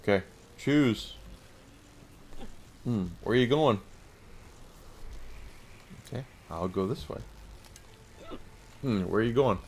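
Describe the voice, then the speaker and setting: A man's voice: on the low side, animated, slow pace, pauses often. A tipsy man with hiccups, streaming a game from home, rambling and mumbling with lots of hums and sighs. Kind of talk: casual gameplay commentary. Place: at home, playing on a laptop. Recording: noisy background.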